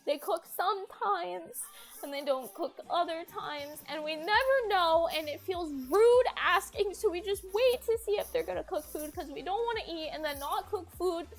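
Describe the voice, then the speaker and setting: High-voiced young woman telling a story. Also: moderate pace. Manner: rambling, full of "like" and swearing. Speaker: streamer. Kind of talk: casual storytelling to stream chat.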